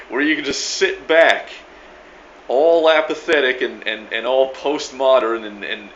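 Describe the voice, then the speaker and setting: A man's voice: medium pitch, a bit bright, a little hiss or hum. A middle-aged man giving a rambling video reply, stammering, repeating words and swearing with emphatic force. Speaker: vlogger replying to another creator. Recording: echoey room, dull lo-fi sound.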